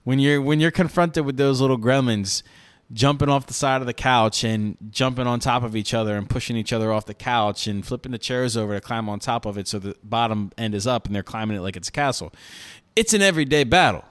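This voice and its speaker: Brief: punchy New co-host, mid-pitched, repeats points for emphasis, dry sound. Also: male voice, a little fast, smooth, no echo. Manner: emphatic, swears, repeats himself. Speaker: podcast co-host. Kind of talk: casual chat.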